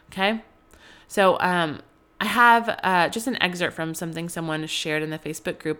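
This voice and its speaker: A woman's voice: lowish voice, fairly bright tone. A woman in her thirties hosting a podcast, giving earnest, reflective advice in a casual, chatty way. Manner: earnest and reflective, with frequent fillers. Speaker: podcast host.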